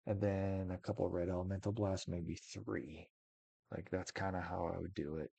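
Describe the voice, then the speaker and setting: A man's voice: deep voice, level tone, moderate pace, creaky, warm tone, slightly rough, dry recording. A man casually commentating a card game match, thinking aloud and weighing options. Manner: musing, thinks aloud with many maybes. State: yawning, tired.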